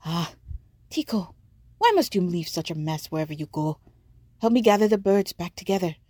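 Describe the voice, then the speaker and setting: A woman's voice: fairly low pitch, animated, moderate pace, warm tone, no echo. A woman voicing a bold, hot-tempered young girl who talks back indignantly. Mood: chiding. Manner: defiant, indignant.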